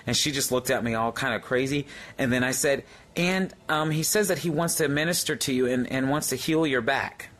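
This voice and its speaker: Bright-voiced man telling a vivid testimony. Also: mid-range voice, a little fast, hardly any pauses. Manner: excited, full of restarts and fillers. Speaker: speaker sharing testimony. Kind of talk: casual testimony.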